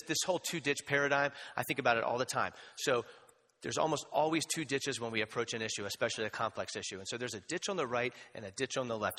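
A man preaching a sermon as pastor, conversational and animated, with asides and humor. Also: medium pitch. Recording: long hall reverb.

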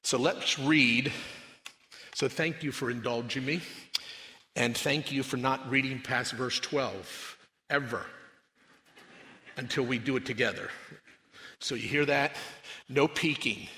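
Pastor preaching in a reverberant church. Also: male voice, slow, long pauses. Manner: conversational, then reads scripture aloud louder and higher. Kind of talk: sermon. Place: church sanctuary. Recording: long hall reverb.

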